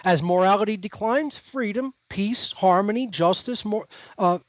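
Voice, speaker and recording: A man's voice: high-pitched, unhurried, dry recording, muffled recording. A man as the guest on a podcast, talking in an emphatic, lecturing way over a remote call. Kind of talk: podcast conversation.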